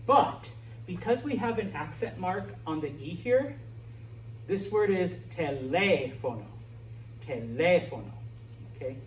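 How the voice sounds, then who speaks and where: A man's voice: sits high, lively intonation, a little slow. A middle-aged man teaching a Spanish class, lecturing and checking in with "okay?" after nearly every point. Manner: checks in with "okay?" and "all right?" often. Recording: echoey classroom, from far off, faint noise.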